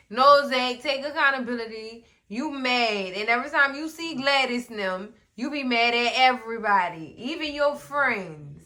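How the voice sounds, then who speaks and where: Sassy woman recapping her show, bright sharp voice. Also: on the high side, normal speed, few pauses. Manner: animated, sassy, talks straight to the characters. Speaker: recap vlogger. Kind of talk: casual TV recap commentary.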